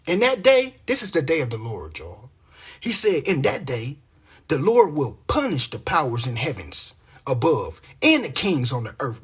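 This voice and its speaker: A vlogger with a slightly high, slightly rough voice talks casually to his viewers. He reads scripture aloud and preaches emphatically, peppering it with profane slang.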